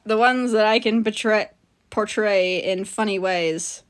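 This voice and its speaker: A woman's voice: medium pitch, measured pace. A woman livestreaming while she draws, chatting casually with her viewers and laughing often. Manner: chatty, giggly, self-mocking. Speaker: livestreaming artist. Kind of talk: casual stream chat.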